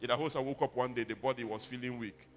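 A man's voice: medium pitch, steady tone, fast talker, big-room sound, a little hiss or hum. A man preaching a sermon, emphatic and calling on the congregation to repeat his words. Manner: emphatic, rises to loud exhortation. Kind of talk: sermon with call-and-response.

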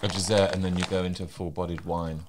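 A man's voice: low-pitched, little pitch movement, quick pace, very noisy. A man co-hosting a casual podcast, playful and teasing, laughing as he chats. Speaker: podcast co-host.

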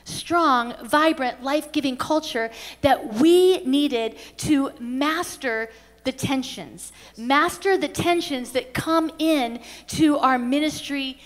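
Earnest high-voiced woman in a hall. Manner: earnest storytelling with many restarts. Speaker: pastor and conference speaker. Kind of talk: conference teaching talk. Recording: reverberant hall.

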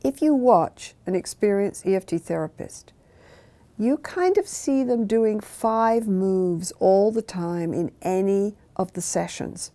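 Measured woman explaining therapy, mellow voice. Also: medium pitch, lively intonation. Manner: measured, acts out therapist and client lines in quotes. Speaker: therapist explaining her method. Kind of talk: calm explanatory talk.

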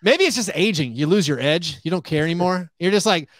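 A man talking as a guest on a podcast, animated, full of "like" and acting out what other people say. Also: high-pitched, a little fast, no room sound. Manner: animated, acts out quoted remarks, heavy use of "like". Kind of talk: casual podcast chat.

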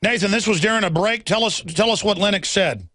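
A man hosts a talk radio show with an urgent, pressing delivery. His voice sits high for a man and sounds forceful and tense. The recording is dry and close. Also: brisk, no room sound. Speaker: host.

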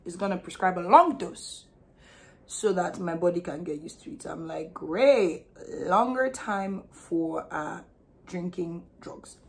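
A young woman from Nigeria with a Nigerian accent, telling a frank, animated story in a casual vlog. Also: fairly low pitch, slow pace. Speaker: vlogger.

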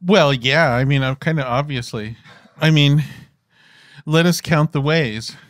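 Recorded with studio quality and no echo, a man in his fifties talks in a rather high, fairly bright voice at a slightly slow pace. He's an interview guest spinning stage stories, wandering off track with plenty of fillers and false starts.

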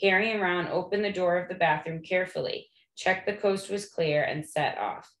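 A woman reading a novel aloud in a steady, plain manner. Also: lowish voice, normal speed. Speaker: reader. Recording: echoey room.

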